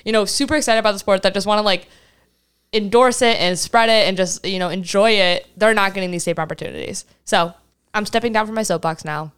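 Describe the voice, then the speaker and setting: A young woman co-hosts a casual chat show and talks with heat and emphasis, breaking into laughter now and then. Her voice is smooth and clear, at a middling pitch for a woman. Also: fairly quick, fairly bright tone. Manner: heated, emphatic, laughs often. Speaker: podcast co-host.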